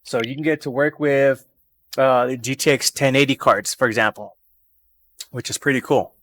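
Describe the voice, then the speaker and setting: A man's voice: mid-range voice, normal speed, fairly bright tone, no room sound. A man chatting casually on a live stream from his home gaming setup into a desk microphone, rambling and repeating phrases over and over.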